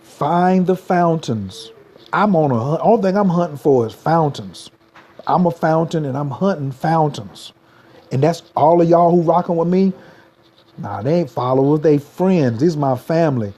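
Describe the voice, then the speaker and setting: A man's voice: on the high side, expressive, normal speed, mellow. A man, giving a motivational livestream talk as a spiritual coach, repeating slogans and urging viewers to type them.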